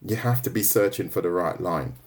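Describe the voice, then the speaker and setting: Chatty man teaching drawing, lively. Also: deep voice, brisk. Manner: casual, chatty, laughs easily, says "right?" and "mate" often. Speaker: art tutor streaming live. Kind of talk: live drawing tutorial, chatting with viewers.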